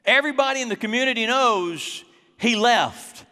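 A man preaching a sermon, dramatic and acting out scenes, slowing down for emphasis in a church hall. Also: extremely high pitch, sharp tone.

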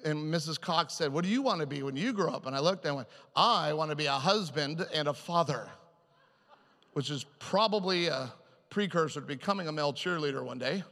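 Male preacher, comic storyteller, fairly high bright voice, hall echo. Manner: animated, self-mocking, quick shifts into quoted voices. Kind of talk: humorous sermon storytelling. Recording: hall reverb.

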